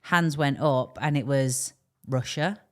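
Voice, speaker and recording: A young English woman with an English accent co-hosting a casual podcast, chatty and animated, with quick asides and laughter. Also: a bass voice. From England. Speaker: podcast co-host. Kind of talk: casual chat.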